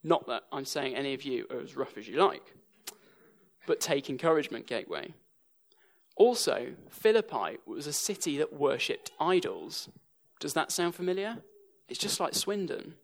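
Gravelly English preacher with dry humour. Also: male voice, fairly high pitch, big pitch swings, moderate pace. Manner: dry humour woven into storytelling. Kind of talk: sermon.

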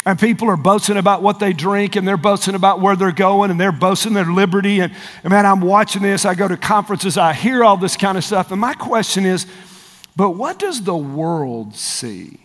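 Fiery high-voiced preacher in a hall. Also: male voice. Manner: emphatic, calls out to the congregation; climbs high and loud when fired up. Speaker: pastor. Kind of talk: sermon. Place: large church hall with multiple campuses.

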